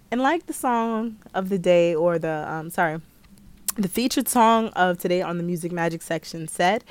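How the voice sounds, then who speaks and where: A woman's voice: lively intonation, normal speed, no room sound. Young woman doing a pep talk on her podcast, slangy and bouncy, dry close sound. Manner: upbeat, slangy, playful pep talk with swings in pitch. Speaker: podcast host. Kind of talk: casual motivational talk to listeners.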